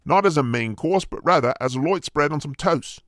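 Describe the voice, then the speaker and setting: A man's voice: fairly high pitch, lively intonation, fairly quick, a bit bright, no room sound, clean studio sound. A man voicing a blunt, jokey Australian character in a comic podcast sketch, with a broad put-on Australian accent. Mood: cheeky.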